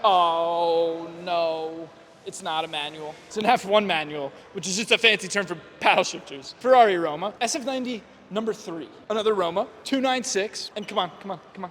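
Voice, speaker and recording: Young guy, high voice, excited car spotting vlog, jokey, faint street noise behind. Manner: playful, rattles off car models, hypes and jokes. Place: outdoors at a car meet and inside a dealership.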